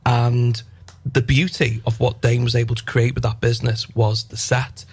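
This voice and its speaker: A man, an actor guest on a radio interview, explaining in a measured way. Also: medium pitch, flat delivery, breathy edge.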